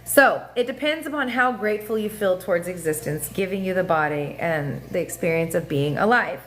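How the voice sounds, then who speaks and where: A woman hosting a casual astrology livestream, talking in an animated, profane way with laughing asides and sing-song voices. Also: fairly low pitch, brisk, a little hiss or hum. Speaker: livestream host. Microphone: phone or webcam mic.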